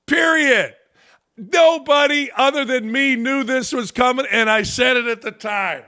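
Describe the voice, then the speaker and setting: Male sports show host with a high, bright voice; blunt, opinionated, punchy delivery. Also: measured pace. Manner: blunt, emphatic, rising into shouts. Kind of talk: opinionated sports talk rant.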